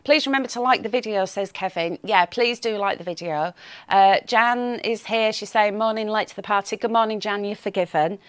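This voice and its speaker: Female craft-show host, cheerful and teasing, slightly croaky, dry studio sound. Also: mid-range voice, moderate pace, no echo. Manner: chatty, reads viewer comments aloud, teasing and cheerful. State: slight frog in the throat. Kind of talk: live shopping show chat.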